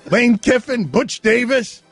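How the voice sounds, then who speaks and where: A man's voice: extremely high pitch, lively intonation, takes it slowly, fairly bright tone, soft background music. A man hosting a sports radio show, chatting casually, laughing often and calling for sound clips.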